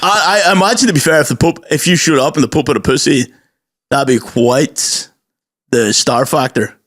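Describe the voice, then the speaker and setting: A man's voice: fairly high pitch, normal speed, a bit bright. A man co-hosting a podcast, riffing in rambling, jokey casual banter. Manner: rambling, jokey, riffs on ideas. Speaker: podcast co-host.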